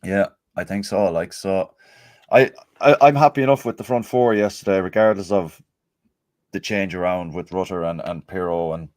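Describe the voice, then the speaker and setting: A man's voice: low voice, normal speed, a little mellow, no echo, clean studio sound. A man co-hosting a casual football podcast, chatting and reading out listener messages. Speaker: podcast co-host.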